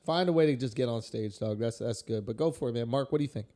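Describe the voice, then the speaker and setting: A man's voice: mid-range voice, fast, mellow. A male comedian hosting a podcast, riffing casually in loose slang. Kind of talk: casual chat.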